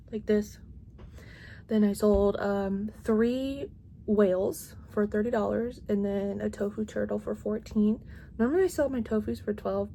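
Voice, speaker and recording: A woman's voice: medium pitch, dark tone, slight background noise. A woman in her thirties, a crochet vlogger, chatting casually at home and rambling with lots of "like" and restarts.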